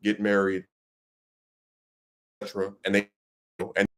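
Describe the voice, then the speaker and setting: A man's voice: on the low side, completely flat delivery, unhurried. A man giving ranting commentary to his audience, emphatic and rambling, with many restarts.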